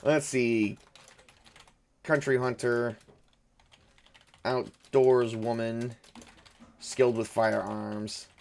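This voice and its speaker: A man's voice: mid-range voice, flat delivery, very slow, gravelly, long pauses. Man thinking aloud over a solo game. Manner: rambling, self-correcting, chuckles at own jokes. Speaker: game master.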